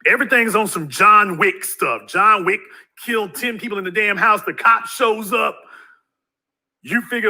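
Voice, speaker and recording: A man delivering a ranting video monologue in a high-set voice that is very bright and cutting. He preaches at his audience and keeps hammering them with rhetorical questions. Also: moderate pace. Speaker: YouTube commentator.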